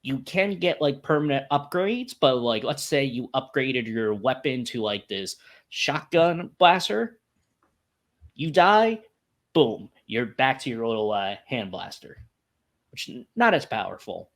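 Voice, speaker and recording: A man's voice: medium pitch, big pitch swings, a little slow, fairly bright tone. A man with a Canadian accent, co-hosting a gaming podcast in casual chat, enthusiastic and saying "like" a lot. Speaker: podcast co-host.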